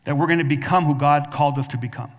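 Man, pastor, sermon, high voice, calls to the congregation, stammered restarts, long church-hall reverb. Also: quick pace. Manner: frequent stammered restarts and repeated words. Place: church sanctuary.

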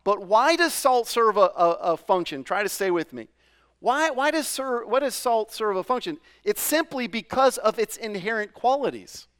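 Pastor guy from new england, high smooth voice, chatty sermon w lots of uhs and questions to the folks. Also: expressive, moderate pace, fairly bright tone. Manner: conversational, many fillers and restarts, asks the congregation questions.

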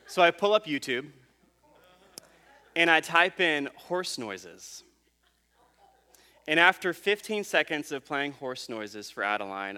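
A man in his thirties preaching a sermon, telling a family story in a relaxed, conversational way with fillers and restarts. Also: medium pitch, clear, resonant tone. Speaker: pastor.

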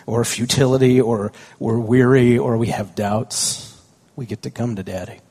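Husky-voiced man preaching a sermon. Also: medium pitch, steady tone, unhurried, dark tone. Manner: conversational, anecdotal, asks the congregation questions. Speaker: pastor.

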